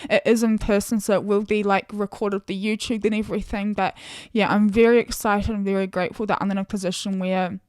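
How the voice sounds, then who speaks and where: A woman's voice: mid-range voice, flat delivery, a little fast, darkish tone, smooth, dry recording, clean studio sound. A young woman hosting a solo sports podcast, chatty and enthusiastic with lots of fillers. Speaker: podcast host.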